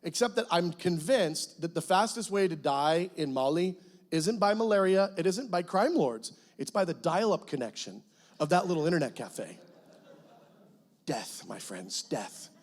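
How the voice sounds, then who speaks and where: A middle-aged guest pastor telling a personal testimony in a church, animated storytelling that breaks into loud cries as he acts out prayers. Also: sits high, moderate pace. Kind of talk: sermon testimony. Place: church sanctuary.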